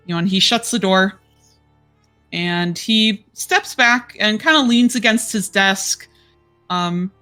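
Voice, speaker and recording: Bright-voiced woman narrating as game master. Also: on the high side. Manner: descriptive, relaxed, many fillers.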